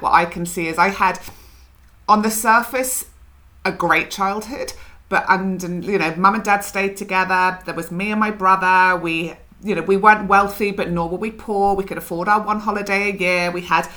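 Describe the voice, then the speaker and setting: A middle-aged woman from Scotland speaks as a podcast guest, candid and reflective, with a slightly low voice. Her tone is bright and forceful, and she tells her story in an open, conversational way. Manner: reflective, frank, laughs through her story.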